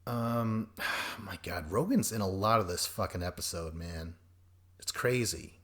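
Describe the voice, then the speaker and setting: A man hosting a podcast, recapping a reality show in a rambling, profane way and acting out quoted people in quick voices. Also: sits low, animated, fairly bright tone. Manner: rambling and profane, jumps between notes. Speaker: podcast host.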